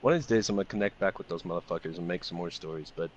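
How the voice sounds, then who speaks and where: A man co-hosting a podcast, telling a long profane party story in a loose, animated way. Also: low voice, very fast, lo-fi sound, slight background noise. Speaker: podcast co-host. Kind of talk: casual storytelling chat.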